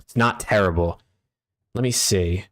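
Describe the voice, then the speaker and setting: Young male streamer, relaxed, swears a lot, chats with viewers on a desk mic at home. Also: sits low, unhurried. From United States. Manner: laid-back, profane, talks to chat and reads out usernames. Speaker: streamer hosting a watch party. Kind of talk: casual live-stream chat.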